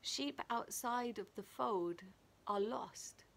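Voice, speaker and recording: Gentle woman giving a devotional. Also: a little high, takes it slowly, gravelly. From England. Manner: gentle, reflective, reads and comments on a devotional. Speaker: church devotional leader. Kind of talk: daily devotional talk. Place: small garden playhouse. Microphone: camera video.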